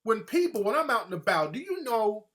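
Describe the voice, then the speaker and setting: A male host talks through his opinions in loose, profane commentary. His voice sits fairly high for a man. He delivers it with energy and often drops into quick mocking impressions of other people. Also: very animated, fairly bright tone.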